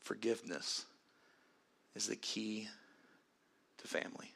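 Man preaching, bright tone, earnest sermon, drops soft for prayer. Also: fairly low pitch, level tone, slow, vocal fry, breathy edge. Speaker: pastor.

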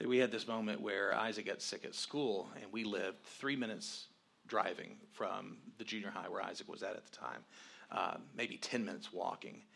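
Bright-voiced man telling a story. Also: fairly low pitch, moderate pace, vocal fry. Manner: animated, grows loud acting out past arguments. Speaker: co-host, husband telling the story. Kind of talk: candid storytelling chat.

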